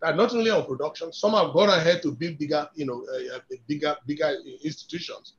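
A man with a Nigerian accent appears as an industry guest on a webinar, his voice on the high side and quick. He argues emphatically and persuasively, often repeating words to build his case, over dull lo-fi webinar audio.

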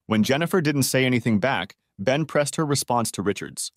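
Audiobook narrator, male, lively pitch range, dry close sound. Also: brisk, no room sound. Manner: expressive storytelling. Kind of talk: scripted narration.

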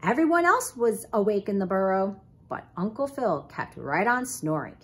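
A preschool teacher, a woman, reading a picture book aloud with expressive storytelling. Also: medium pitch, moderate pace, breathy edge.

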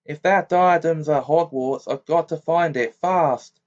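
A man's voice: on the high side, a little slow, a little mellow, voice pushed up, natural voice. A man reading the lines of a fierce, urgent teenage boy wizard in an amateur audiobook. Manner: fierce, pressing delivery. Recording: dull lo-fi recording.

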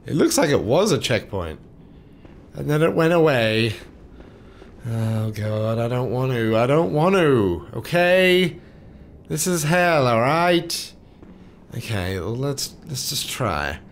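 A man doing let's play commentary on a game. He cusses at enemies and swings between loud outbursts and low muttering. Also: very animated, takes it slowly, slight background noise. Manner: swears and curses at enemies. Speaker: gameplay commentator.

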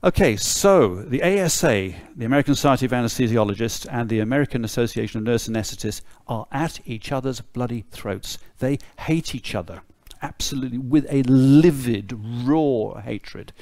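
A man's voice: medium pitch, expressive, normal speed, a little mellow, no room sound, clean studio sound. A British man giving a conference lecture, with a wry, sardonic humour and blunt asides. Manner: blunt, mildly swearing asides.

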